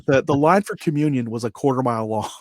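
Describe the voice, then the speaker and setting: Animated male storyteller, dry sound. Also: mid-range voice, fast talker, no room sound. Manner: animated storyteller, acts out quotes with laughter. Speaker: podcast guest. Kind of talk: storytelling interview.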